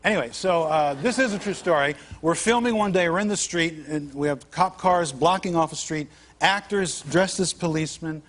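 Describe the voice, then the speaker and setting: A man's voice: on the high side, moderate pace, a bit bright. A man, a comedian guest on a late-night talk show, telling funny anecdotes in a wisecracking way, slipping into mock voices. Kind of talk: comic storytelling. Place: TV studio with live audience. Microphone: television studio mic. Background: studio audience.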